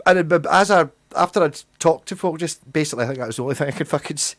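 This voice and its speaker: A young man with a broad Glaswegian accent rambles through a casual livestream chat, swearing freely as he goes. His voice sits a little higher than most men's. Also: rapid-fire, fairly bright tone. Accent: Glaswegian Scottish. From Scotland. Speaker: livestream host.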